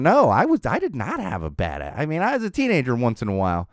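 A man's voice: mid-range voice, huge pitch swings, fast, no echo, studio quality. A man hosting a podcast in a casual, joking chat about parenting and his week. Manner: chatty, joking, self-deprecating asides. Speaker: podcast host.

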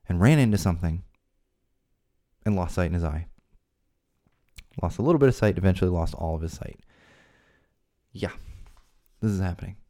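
A man's voice: low-pitched, dark tone. A man hosting his own podcast, chatting casually with jokey asides and rambling restarts. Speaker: podcast host. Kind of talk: casual solo podcast talk. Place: home studio.

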